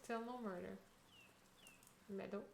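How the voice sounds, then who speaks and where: A woman's voice: medium pitch, steady tone, takes it slowly, vocal fry, roomy sound, slight background noise. A woman streamer chatting casually as she plays, reading dialogue aloud between remarks. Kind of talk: casual gameplay commentary.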